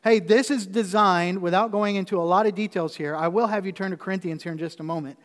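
A man's voice: high voice, fairly even intonation, fast talker. Male pastor preaching in an echoing hall. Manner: storytelling, conversational, repeats phrases. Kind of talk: sermon with personal story.

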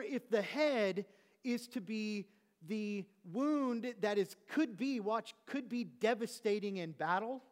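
A man preaching a sermon as pastor, teaching his congregation with rhetorical questions and slowing down to stress key words. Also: high-pitched. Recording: long hall reverb.

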